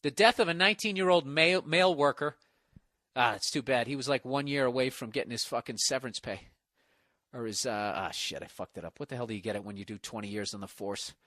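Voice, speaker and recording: A man's voice: lowish voice, steady tone, fast, a bit bright, dry recording, clean studio sound. A man hosting a podcast alone, ranting in a profane, exasperated, rambling way. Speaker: podcast host. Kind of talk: solo ranting monologue.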